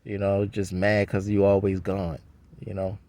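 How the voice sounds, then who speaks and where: A man's voice: low voice, monotone, measured pace, dark tone. A man rambling in a profane, slangy casual monologue. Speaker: vlogger.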